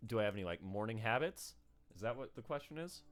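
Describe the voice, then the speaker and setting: A man's voice: lowish voice, lively intonation, fast. A man streaming a game, chatting casually and laughing often.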